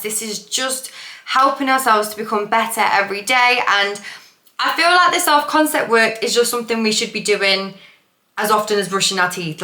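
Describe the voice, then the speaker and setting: Bright, chatty woman in an echoey room. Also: mid-range voice. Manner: chatty, swears freely, laughs at herself. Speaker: manifestation coach. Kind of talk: casual vlog talk. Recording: roomy echo.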